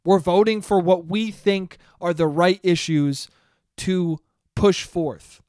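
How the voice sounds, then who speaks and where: A man's voice: high-pitched, slow pace, a little mellow, clean tone, no room sound, studio quality. A young man hosting a solo podcast in a casual, rambling, profane and self-deprecating way. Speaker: podcast host.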